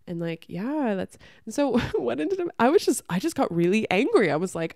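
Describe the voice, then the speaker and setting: A young adult woman hosting a podcast, talking candidly and bluntly. She swears freely, says "like" constantly, and tells stories with lively acted-out reactions. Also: a little high, brisk, gravelly, hardly any pauses, no room sound, clean studio sound. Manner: animated storytelling, acts out her own reactions. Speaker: podcast host. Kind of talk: candid casual chat.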